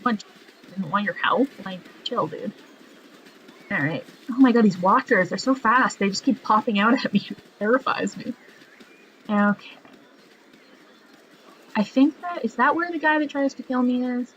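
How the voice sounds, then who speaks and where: A woman's voice: fairly high pitch, expressive, moderate pace, pauses often, a bit bright, slight background noise. A woman giving casual gameplay commentary, chatty and jokey, laughing often as she plays. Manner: chatty, laughs often, jokes about the game. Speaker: let's play gamer. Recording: slightly muffled lo-fi audio.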